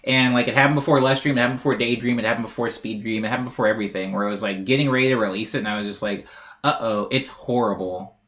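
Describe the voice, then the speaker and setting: A man's voice: medium pitch, fairly even intonation, very fast, few pauses, a bit bright. A man chatting casually on a live music stream, rambling and self-deprecating as he reads out chat messages.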